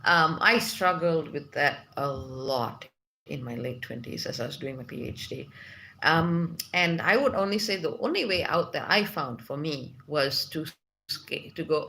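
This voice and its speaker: A woman's voice: low-pitched, animated, a little slow, vocal fry, pushed and bright, a little hiss or hum. A woman hosting a spiritual livestream, chatting casually and reading out viewer comments with lots of fillers. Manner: chatty, reads comments aloud with many fillers.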